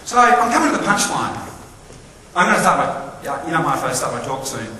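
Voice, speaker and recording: A man's voice: fairly high pitch, sing-song, fairly quick. A middle-aged man giving a talk, telling a personal story in a conversational way and acting out the dialogue. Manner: conversational, acts out dialogue, drops to quiet intense tones. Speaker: public speaker. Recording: echoey hall, distant mic, faint noise.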